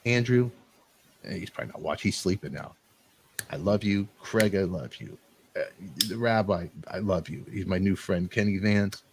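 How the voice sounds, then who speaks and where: A middle-aged man hosting a talk show, rambling through animated, emotional storytelling and quoting friends. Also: deep voice, moderate pace, background noise. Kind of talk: emotional casual chat.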